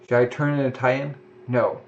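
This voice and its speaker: Uomo che legge un giovane disperato che si incolpa, timbro medio, audio spento. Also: male voice, mid-range voice, little pitch movement, moderate pace, darkish tone, lo-fi sound, natural voice. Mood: despairing. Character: despairing young man, guilty and self-blaming.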